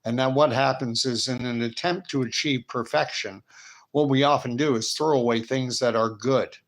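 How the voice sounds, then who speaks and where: A man's voice: medium pitch, steady tone, moderate pace. A man from Canada and the United States with a Canadian accent, hosting a casual live stream where he wanders off on tangents and reads viewer chat messages aloud. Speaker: host.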